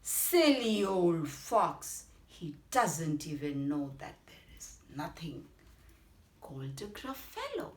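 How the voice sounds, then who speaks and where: A woman with an Indian English accent voicing a clever, bold little male mouse in a children's story, bright and self-assured. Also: sits low, very animated, takes it slowly, exaggerated voice. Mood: amused. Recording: roomy echo.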